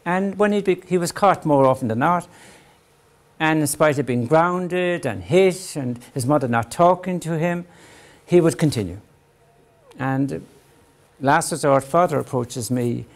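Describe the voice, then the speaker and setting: Gravelly older man lecturing earnestly. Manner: earnest, often adds a questioning "right?"; acts out parents' voices with rising pitch. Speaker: psychologist giving a talk. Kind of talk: lecture to parents.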